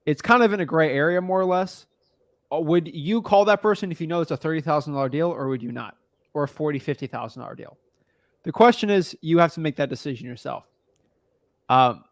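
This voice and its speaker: A man's voice: on the high side, no echo, clean studio sound. A man coaching a newcomer on real estate wholesaling in a casual, blunt, slangy way.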